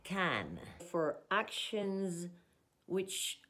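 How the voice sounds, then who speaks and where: A woman teaching an English lesson, reading example sentences and explaining grammar in a slow, deliberate way. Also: lowish voice, very animated, a bit bright.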